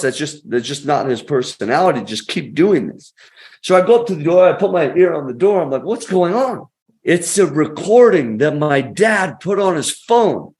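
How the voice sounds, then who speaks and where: A man with a fairly high voice tells a story as a podcast guest. He pushes his points hard and fast, with punchy motivational phrasing that swings up and down. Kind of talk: conversational storytelling.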